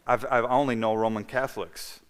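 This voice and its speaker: A man's voice: medium pitch, fairly even intonation, a little fast. A man speaking at a church, telling a personal testimony in a rambling storytelling way, full of restarts. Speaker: church health week speaker.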